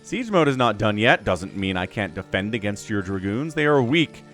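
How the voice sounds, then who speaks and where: Man doing a gloating male gamer, mock Russian accent, blunt and clipped, loud. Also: lowish voice, sing-song, moderate pace, faint music behind, pitched below the performer's own voice. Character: brash boastful male gamer taunting his opponent.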